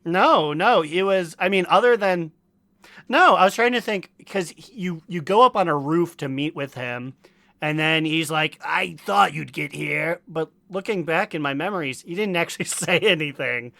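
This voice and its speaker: A man co-hosting a casual gaming podcast, talking in an animated way and acting out quoted characters. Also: fairly high pitch, moderate pace, no echo. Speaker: podcast co-host.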